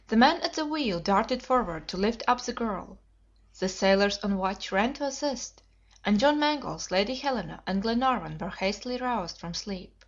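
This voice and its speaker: A woman narrating an audiobook in a steady, measured reading. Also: medium pitch. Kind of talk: scripted narration. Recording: dull lo-fi audiobook recording.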